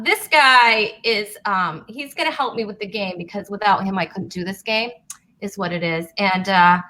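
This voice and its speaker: A woman hosts a comedy talk show in a fairly high, bright voice. She talks slowly and haltingly, full of "uh" and restarts, with a playful touch. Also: poor audio.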